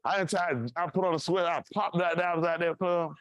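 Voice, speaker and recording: Man, pastor, high voice, lively storyteller, dry close sound. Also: fast talker, no room sound, dull audio. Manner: animated, acts out voices in his stories. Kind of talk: casual storytelling sermon.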